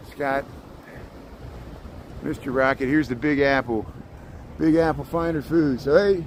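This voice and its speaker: A man hosting a casual livestream while walking a city street at night, chatting loosely and thanking viewers by name with easy laughs. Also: on the high side. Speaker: livestream host. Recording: wind noise on the mic outdoors.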